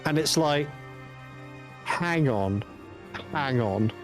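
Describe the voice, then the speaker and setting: A man rambling through a casual chat with wry, sweary asides, sometimes slowing down and sometimes rushing. His pitch is middling, and soft music sits behind him. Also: expressive. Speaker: stream co-host, hobby painter.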